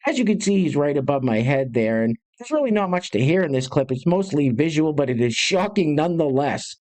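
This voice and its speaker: Host: a man, brisk and sarcastic, casual commentary to camera. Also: fairly high pitch, very animated, a little mellow. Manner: brisk, sarcastic, addresses viewers directly.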